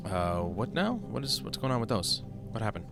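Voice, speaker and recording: A man's voice: fairly low pitch, sing-song, normal speed, gravelly. Chatty man commenting on his gameplay. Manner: chatty, rambling, self-deprecating. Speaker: let's-play gamer. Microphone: desk mic that picks up key presses. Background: game music.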